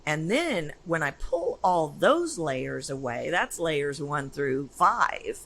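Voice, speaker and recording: A woman's voice: low-pitched, slow, rough recording. A woman, a voice coach being interviewed, talking energetically and emphatically in a casual conversation. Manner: energetic, emphatic, animated storytelling. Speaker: voice coach guest.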